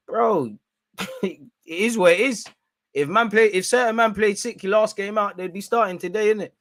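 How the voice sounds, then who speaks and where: Slangy, excitable football streamer. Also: male voice, mid-range voice, no room sound. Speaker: football watch-along streamer. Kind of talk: live match watch-along commentary.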